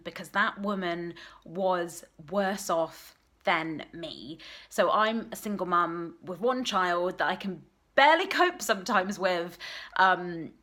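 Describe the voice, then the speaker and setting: A woman's voice: medium pitch, fairly bright tone. A woman talking straight to camera at home in an unscripted, heartfelt vlog, earnest and encouraging. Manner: emotional, tearful at times, earnest and encouraging. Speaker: vlogger, single mum business coach. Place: at home, messy room.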